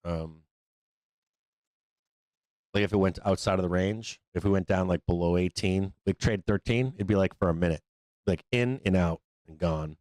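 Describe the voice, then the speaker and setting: A deep-voiced man hosting a live market stream, talking off the cuff with plenty of swearing and "like" and "uh." His voice sits close and dry, with no room sound around it. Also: normal speed, long pauses, darkish tone, no echo. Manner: loose, profane, rambling with fillers. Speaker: trading show host.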